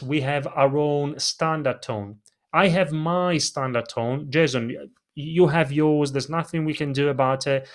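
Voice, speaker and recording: A man with a non-native English accent, a presentation coach answering interview questions on a video call and acting out vocal emphasis as he explains it. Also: fairly high pitch. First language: not English. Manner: animated, demonstrates vocal emphasis. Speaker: presentation coach, podcast guest.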